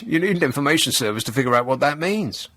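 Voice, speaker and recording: A middle-aged man, hosting a radio talk show and delivering a sarcastic, deadpan satirical monologue. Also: mid-range voice, quick pace, no echo. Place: radio studio. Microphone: close studio microphone.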